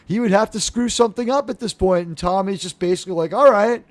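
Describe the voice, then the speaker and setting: A man's voice: high-pitched, fast, no room sound. A man hosting a casual live chat about a TV episode, recapping scenes and acting out lines in funny voices. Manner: animated, acts out quotes in funny voices. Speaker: host of a TV review discussion.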